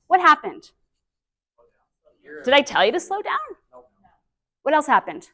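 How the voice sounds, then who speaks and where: A woman's voice: sits high, sing-song, measured pace, pauses often, sharp tone. A woman presenting a live workshop as a speech therapist, coaching the group in a chatty, demonstrative way.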